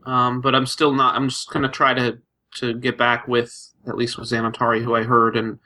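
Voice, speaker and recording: A man playing a tabletop game, deliberately explaining what his character does. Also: medium pitch, completely flat delivery, bright, forceful tone. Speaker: player.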